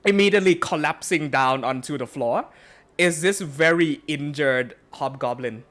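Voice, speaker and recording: A man's voice: on the high side, moderate pace, a bit bright. Laughing, rambling game master man. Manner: laughing often, loose and rambling. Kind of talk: narrating a tabletop game.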